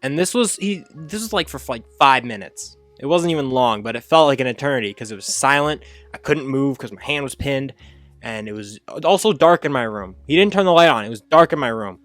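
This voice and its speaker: Animated man telling a childhood story. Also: a little fast, dry recording, faint music behind. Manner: animated, acts out his childhood self with sudden high excited jumps; rambling, lots of fillers and self-corrections. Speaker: storyteller host. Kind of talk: casual storytime narration.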